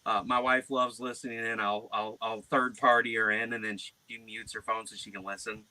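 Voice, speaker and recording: Loud guy hosting a chill podcast, bright forceful voice, always acting out voices. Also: fairly low pitch, normal speed, no echo. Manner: loud, animated storyteller who puts on silly voices. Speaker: podcast host. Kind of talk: casual chat.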